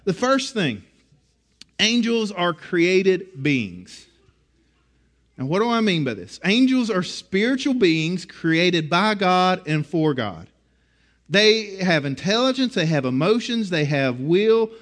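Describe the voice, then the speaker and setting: A middle-aged man preaching a sermon in a conversational, animated way, often restarting his phrases. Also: high voice, takes it slowly. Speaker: pastor.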